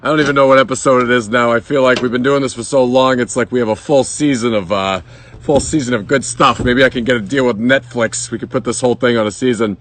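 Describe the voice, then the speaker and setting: Man with a Boston accent, a bit hoarse, brash and joking, swears freely, casual beer review vlog, outdoors in a yard. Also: medium pitch, fairly even intonation, fast talker, fairly bright tone, a little hiss or hum. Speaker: beer vlogger.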